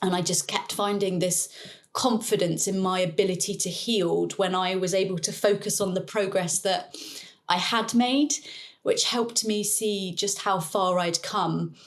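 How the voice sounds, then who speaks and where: A woman guest in an interview, telling her personal story in an earnest, reflective way with soft laughs now and then. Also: medium pitch, fairly even intonation, unhurried. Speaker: interview guest, neuroplasticity coach.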